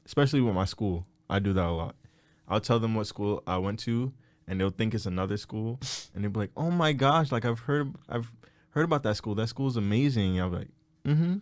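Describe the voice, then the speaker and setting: A man's voice: fairly low pitch, brisk, a little mellow, dry recording. A young man co-hosting a podcast, chatting casually, joking and laughing as he acts out quoted voices. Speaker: podcast co-host. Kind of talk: casual chat.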